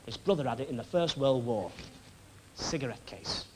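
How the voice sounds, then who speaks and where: A man's voice: medium pitch, expressive. A man hosting a variety show, telling cheeky jokes in stand-up patter to a live theatre audience. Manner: cheeky, quick joke-telling. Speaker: variety show host and comedian. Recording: noisy 1960s television broadcast.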